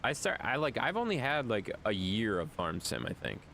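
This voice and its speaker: Animated male game streamer. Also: fairly low pitch, moderate pace, vocal fry, slight background noise. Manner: animated, talks to chat, playful repeated phrases. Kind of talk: casual live-stream chat.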